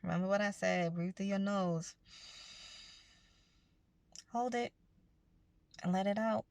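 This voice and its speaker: A woman's voice: medium pitch, slow, gravelly, a little mellow, clear, resonant tone, dry recording. A woman giving a casual, earnest motivational talk to her viewers, speaking conversationally about spiritual growth. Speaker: self-help vlogger.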